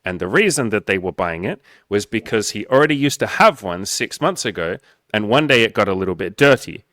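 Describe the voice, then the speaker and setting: A man's voice: on the low side, lively intonation, a little fast, fairly bright tone, no room sound, studio quality. A man hosting a casual podcast chat as a dating coach, explaining earnestly and acting out the self-talk people use.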